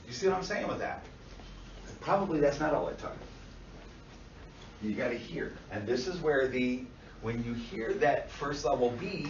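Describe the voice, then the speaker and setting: A man lectures a class in a blunt, lively way, swearing freely and slipping into the voices of clients. His voice sits a little high for a man. The recording picks him up from a distance in an echoey classroom, with a dull, lo-fi sound and a faint hiss. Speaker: instructor.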